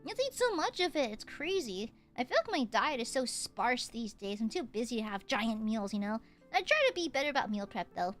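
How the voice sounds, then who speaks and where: A young woman with a high, bright voice chats playfully on a livestream, tossing out repeated greetings and jokes. Her throat sounds a little hoarse and sore. Faint music plays behind her. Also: sing-song, fairly quick. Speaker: VTuber streamer. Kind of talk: casual livestream chat.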